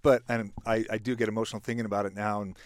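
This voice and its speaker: A man's voice: lowish voice, flat delivery, racing, no echo, studio quality. A middle-aged man talking as a podcast guest, telling a reflective story with lots of restarts and fillers. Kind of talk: casual podcast conversation.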